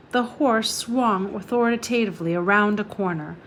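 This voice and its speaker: A woman reading a children's novel aloud, steady and calm, dropping softer at times. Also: medium pitch, measured pace, slight background noise.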